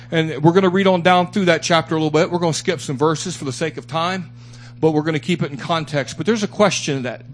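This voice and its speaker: A man's voice: a little high, fairly bright tone. A man preaching a sermon to a small church congregation, fervent and repetitive, building up his phrases for emphasis. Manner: fervent, rising and repeating for emphasis.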